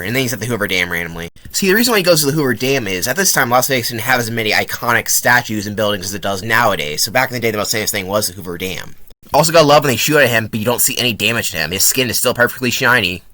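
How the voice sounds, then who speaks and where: Bright, animated, swearing young man. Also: on the low side, rapid-fire, no echo. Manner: profane, sarcastic and animated. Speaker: movie reviewer. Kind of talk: casual film review commentary.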